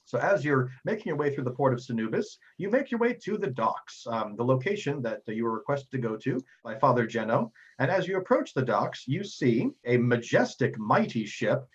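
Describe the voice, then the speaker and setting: A man narrating a tabletop game as game master in a rambling, halting way with frequent fillers. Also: mid-range voice, sing-song, slightly rough, highs cut off.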